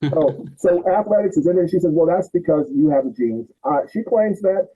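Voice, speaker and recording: A man's voice: a little high, moderate pace, slightly rough. A man in his sixties, a podcast host telling family stories and acting out his relatives' voices. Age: 60s. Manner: animated, acts out relatives' voices. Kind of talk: storytelling in casual chat. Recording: tinny phone-like audio.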